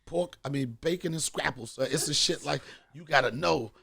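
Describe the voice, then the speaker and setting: A man's voice: on the high side, normal speed, creaky, bright, forceful tone, slightly rough. A middle-aged man hosting a podcast, telling a profane comic story with lots of animation and acted-out voices. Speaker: podcast host. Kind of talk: comedic storytelling.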